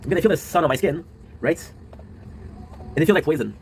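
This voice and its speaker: A man in his twenties, a streamer and video creator, talking in a casual confessional monologue. He sounds low and worn out, rambling, tagging lines with a question and swearing often. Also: animated, fast, a little hiss or hum, poor audio. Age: 20s.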